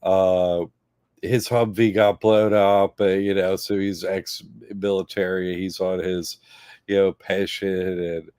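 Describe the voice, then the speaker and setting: Low-voiced man telling animated stories. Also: takes it slowly, smooth, no room sound, studio quality. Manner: animated storytelling, acting out quoted voices with laughs. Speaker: co-host. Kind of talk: casual livestream chat.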